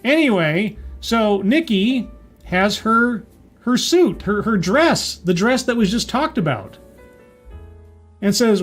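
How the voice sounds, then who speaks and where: A man's voice: high voice, sing-song, takes it slowly, faint music behind. A man giving a casual, sarcastic recap and review of a TV episode. He mocks the writing and sighs at the plot. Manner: sarcastic, mocking, sighing. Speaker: TV show reviewer.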